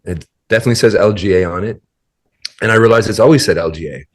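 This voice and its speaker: A man's voice: fairly low pitch, quick pace. A man as a podcast guest, telling a story in a rambling, casual way full of fillers and restarts.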